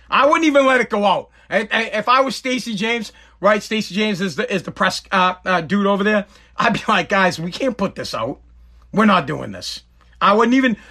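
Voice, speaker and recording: A man with a high, bright, ringing voice holds forth in a loose, ranting monologue. He tells a story by acting out what people said and drops casual swears along the way. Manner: animated, storytelling with acted quotes, swears casually.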